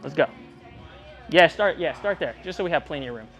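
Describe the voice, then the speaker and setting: A man's voice: a little high, expressive, brisk, fairly bright tone, faint music behind. Earnest man coaching a young tumbler. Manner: direct, earnest, repeatedly asking the athlete if she believes him. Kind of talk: one-on-one coaching talk. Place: gym.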